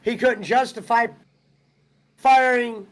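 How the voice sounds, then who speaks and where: A man with a strikingly high-pitched voice chats loosely on a live stream. He rambles from story to story and swears freely along the way. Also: steady tone, takes it slowly, a little hiss or hum, rough recording. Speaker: streamer host. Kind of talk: casual chat.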